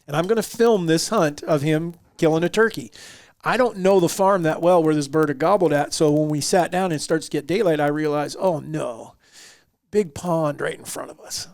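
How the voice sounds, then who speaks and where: Gravelly-voiced man telling a story. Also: fairly high pitch, moderate pace, dry recording. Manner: animated, acts out quotes in the story. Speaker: podcast host. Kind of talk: casual storytelling.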